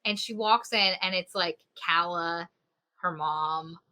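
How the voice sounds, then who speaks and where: A woman's voice: fairly low pitch, slow pace, pushed and bright. A woman co-hosting a podcast, casually retelling a novel's plot and acting out the characters' lines. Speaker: podcast co-host. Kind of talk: casual book review chat.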